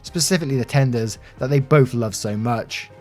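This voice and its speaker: A man's voice: mid-range voice, moderate pace. Man narrating reddit stories. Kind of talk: scripted story narration. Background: soft background music.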